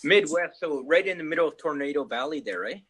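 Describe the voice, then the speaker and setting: A Canadian man chatting on a video call, his voice a touch high and lively in its ups and downs. He talks in a casual, hesitant way, full of fillers and restarts. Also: a little fast, breathy edge, low-quality recording.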